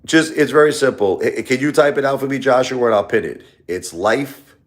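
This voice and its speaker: A man's voice: mid-range voice, normal speed. A man hosting a casual live stream, talking in a rambling, repetitive way and lashing out at his critics.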